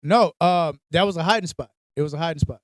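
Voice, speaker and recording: A man co-hosting a casual podcast, telling stories in an animated way and acting out his own reactions. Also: on the high side, fast, no echo. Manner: animated storytelling, heavy cursing, acts out reactions. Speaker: podcast co-host. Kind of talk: casual chat.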